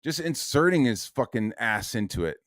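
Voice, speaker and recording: A man's voice: mid-range voice, sing-song, normal speed, dry recording, clean studio sound. A man streaming an angry, profane rant, constantly checking in with "right?" and "dude". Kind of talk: angry ranting stream monologue.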